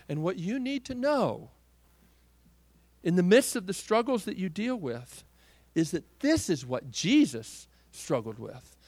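A man preaching a sermon, swinging from loud, forceful declarations to hushed, near-whispered lines. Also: on the high side, no echo. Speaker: pastor.

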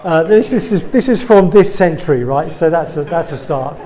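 A man's voice: fairly high pitch, expressive, moderate pace, dark tone. A man from England with an English accent, a guest preacher giving a humorous sermon to students, full of self-deprecating, wry asides.

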